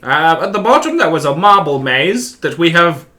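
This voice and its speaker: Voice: medium pitch, big pitch swings, moderate pace, bright, forceful tone. A player chatting playfully during a tabletop game. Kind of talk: casual tabletop play.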